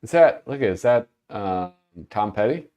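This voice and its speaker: A man's voice: fairly low pitch, lively intonation, moderate pace, dark tone. A man hosting a casual livestream, chatting loosely with viewers, often breaking off mid-thought and laughing as he talks. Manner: rambling, self-interrupting, laughs while talking. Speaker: host.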